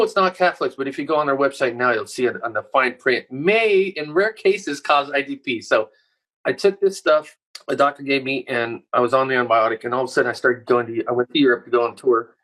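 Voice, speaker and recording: A middle-aged man telling a story as a podcast guest, animated and full of swearing. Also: mid-range voice, rough recording. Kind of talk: casual interview chat.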